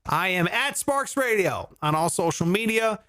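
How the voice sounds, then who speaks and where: Animated, lively-voiced man hosting a comedy show. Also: high-pitched, moderate pace. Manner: animated, swearing, mock voices for jokes. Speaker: comedy podcast host. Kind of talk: casual comedic banter.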